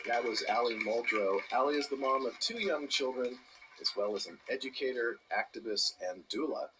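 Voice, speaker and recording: A man hosting a storytelling event, giving an even, scripted introduction. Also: medium pitch, moderate pace, background noise. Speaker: host.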